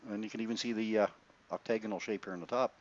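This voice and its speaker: A man's voice: fairly low pitch, racing, no room sound, muffled recording. A man hosting an astronomy show, reading out viewer messages in casual chat with plenty of fillers. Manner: relaxed, reads messages aloud with fillers.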